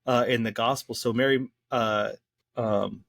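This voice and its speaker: A man in a casual podcast discussion, explaining things in a lively, slangy way with frequent restarts. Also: medium pitch, unhurried, creaky, a little hiss or hum. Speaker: podcast co-host discussing the Bible.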